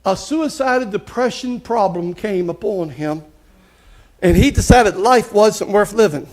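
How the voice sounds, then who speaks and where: A man preaching a live church sermon, impassioned and folksy, with bursts of shouting. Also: high-pitched, a little slow. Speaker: pastor. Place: church sanctuary.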